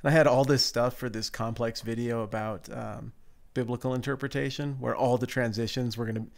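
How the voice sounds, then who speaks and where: A man's voice: mid-range voice, fairly even intonation, brisk, vocal fry. A man co-hosting a podcast, chatting casually with wry, jokey asides. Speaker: podcast co-host.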